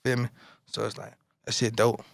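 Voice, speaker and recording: A man's voice: mid-range voice, little pitch movement, normal speed, gravelly, dry recording, clean studio sound. A young man from Florida, a rapper guest, talking in a laid-back, slangy way in an interview. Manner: laid-back, slangy, repeats "you know what I'm saying". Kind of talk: casual interview chat.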